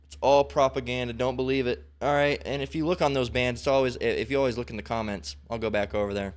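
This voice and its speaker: A man's voice: mid-range voice, steady tone, fast talker, hardly any pauses. A man talking in loose, rambling commentary who keeps checking in with "all right?" between thoughts. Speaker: religious commentator. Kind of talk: casual spoken commentary.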